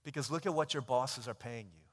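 A male preacher at a mid pitch delivers a sermon, telling an animated parable and acting out the characters' lines as he goes. His voice rings out with a long reverb tail from the hall around him. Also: a little fast, slightly rough.

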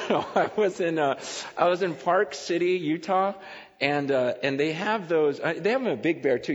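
A middle-aged man preaching a sermon in a church, telling a self-deprecating story with animated, laughing delivery. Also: on the high side. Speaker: pastor. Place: church sanctuary. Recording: dull sound with long hall reverb.

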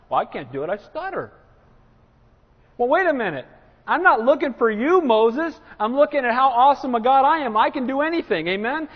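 A man preaching a sermon to a congregation, acting out quotes with lively bursts and asking "Amen?". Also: extremely high pitch. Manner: animated, acts out quotes, asks congregation "Amen?". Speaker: pastor. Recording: dull sound with long hall reverb.

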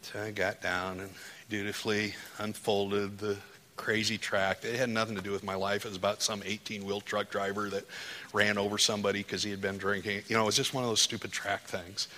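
A man's voice: fairly low pitch, flat delivery, brisk, pushed and bright, a little hiss or hum. A man preaching a sermon, telling his own story and building to fervent, insistent appeals. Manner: testimony building to impassioned, rising preaching. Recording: hall with long reverb.

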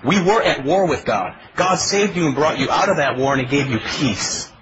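A man's voice: fairly high pitch, expressive, normal speed, background noise. Man preaching an emphatic sermon, lo-fi. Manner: pleading, emphatic preaching with rhetorical questions. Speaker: pastor. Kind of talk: expository sermon.

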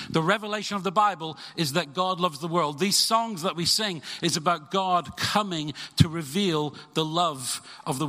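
A man's voice: fairly high pitch, sharp tone. A middle-aged man preaching an earnest, emphatic sermon as pastor at a church service. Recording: reverberant church hall.

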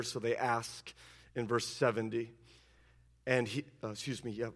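A man preaching a sermon, moving between loud ringing declarations and low, intense asides. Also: level tone, a little slow. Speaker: pastor.

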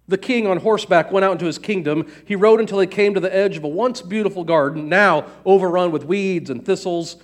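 Man, storyteller, fairy tale read-aloud, slightly high pitch, even cadence. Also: brisk, few pauses.

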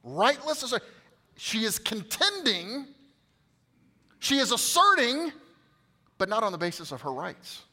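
Male pastor, high bright voice, preaching with big loud-to-hushed swings. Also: big pitch swings, measured pace, long pauses. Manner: swings from loud emphatic peaks to quiet hushed asides; addresses the congregation directly, coaxing responses. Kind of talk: sermon.

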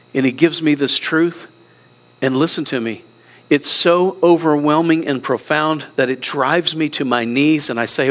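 Earnest, high-voiced middle-aged male pastor. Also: lively intonation, moderate pace. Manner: earnest, preaching with wide swings between soft and raised passages. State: emotional, near tears. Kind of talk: sermon.

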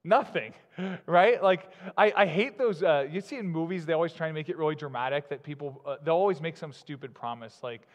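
A man preaching a sermon as pastor, in a conversational way with fillers and quick laughs. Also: a little high. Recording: long hall reverb.

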